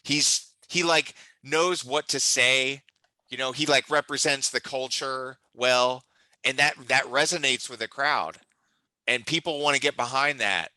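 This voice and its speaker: A podcast co-host joins a casual wrestling chat, enthusiastic and teasing, frequently restarting his sentences. His medium-pitched voice is bright and forceful at a measured pace, recorded with no echo but in low quality.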